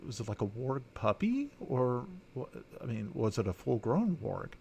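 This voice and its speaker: A man doing a gentle, worried companion woman. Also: mid-range voice, big pitch swings, normal speed, gravelly, a little hiss or hum. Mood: concerned.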